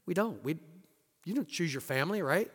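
A man's voice: fairly high pitch, expressive, a little fast, fairly bright tone, slightly rough. A male pastor preaching a sermon in a conversational way and asking the congregation rhetorical questions. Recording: long hall reverb.

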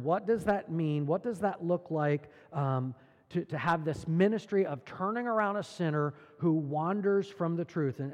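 Male pastor, earnest and emphatic in the pulpit, fairly high voice, reverberant hall. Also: darkish tone. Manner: earnest, emphatic preaching with rhetorical questions. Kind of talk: sermon.

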